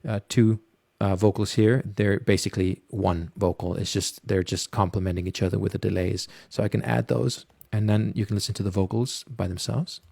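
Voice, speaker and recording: A man, a music producer, casually talking through a studio mixing tutorial with many pauses and fillers. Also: lowish voice, fairly even intonation, vocal fry, warm tone, dry recording. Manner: casual, hesitant, lots of fillers.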